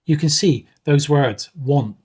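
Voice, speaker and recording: A man teaching an exam-preparation lesson in a measured way, often pausing with um and uh. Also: a little high, a little mellow, husky. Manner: measured, with frequent um and uh fillers. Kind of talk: explanatory video lesson.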